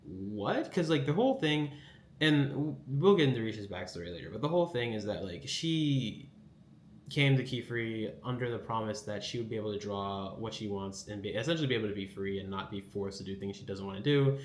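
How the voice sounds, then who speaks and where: A fairly low-voiced man talking through an anime episode in a loose, rambling way, with plenty of fillers and little acted-out lines. He sounds like he is in a roomy, echoey space. A faint hiss of noise sits behind him. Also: animated, fairly quick. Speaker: anime recap host. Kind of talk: casual recap commentary.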